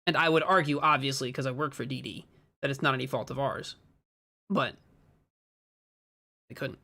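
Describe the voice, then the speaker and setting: A man from Minnesota with a Midwestern American accent, co-commentating a disc golf stream in a chatty, quick way that breaks easily into laughter. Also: medium pitch, gravelly, sharp tone. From Minnesota, USA. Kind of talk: casual live-stream commentary.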